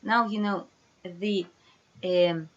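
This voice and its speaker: A woman's voice: fairly low pitch, fairly even intonation, extremely slow, highs cut off. A woman teaching a beginners' language lesson, explaining step by step and quizzing her students with questions. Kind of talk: casual online lesson.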